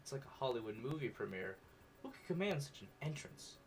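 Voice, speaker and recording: Gaming creator, man, lively pitch, playful reactive reads. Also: fairly quick, a little hiss or hum. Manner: animated, joking reactions; reads narration aloud. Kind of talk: reading and reacting to a dating sim.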